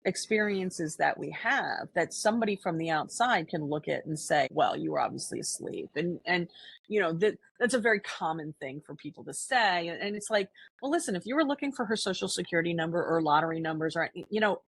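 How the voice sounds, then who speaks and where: A woman's voice: lowish voice, expressive, fairly quick, breathy edge, no room sound. A woman co-hosting a podcast, talking earnestly and reflectively in casual conversation, often restarting her sentences. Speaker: podcast co-host.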